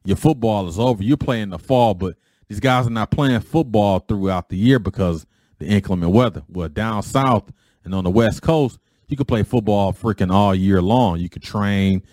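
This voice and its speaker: A man hosts his own podcast, opening with a casual, rambling monologue in which he often repeats himself and paraphrases others. His voice is fairly low and a little mellow, with no room sound.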